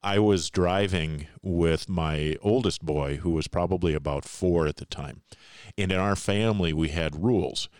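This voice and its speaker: A middle-aged man co-hosting a podcast in casual chat, telling stories in an animated way and laughing often. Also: low voice, unhurried, no room sound, studio quality. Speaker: podcast co-host.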